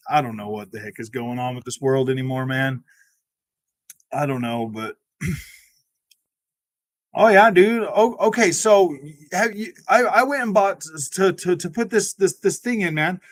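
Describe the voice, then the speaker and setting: A young gaming host with a mid-range voice rambles through a casual livestream chat, tossing in "man" and "dude" and laughing frequently. He's on a close desk mic, and the recording is dry.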